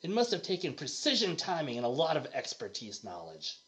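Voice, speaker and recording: A man's voice: a little high, huge pitch swings, fairly quick, a bit bright. A man voicing an earnest male spy captain with a stiff, over-earnest script-reading delivery.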